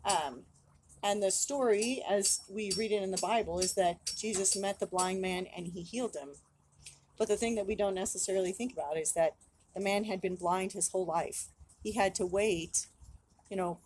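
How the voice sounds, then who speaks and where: A woman's voice: on the low side, a little mellow, low-quality recording. A middle-aged woman giving a thoughtful, earnest lesson drawn from scripture. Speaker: guest, host's mother. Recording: clear background hiss.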